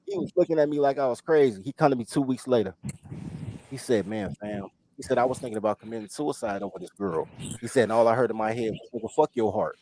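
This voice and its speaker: A man telling a story on a podcast in casual chat, animated and profane, loudly quoting himself. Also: mid-range voice, quick pace. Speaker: podcast host.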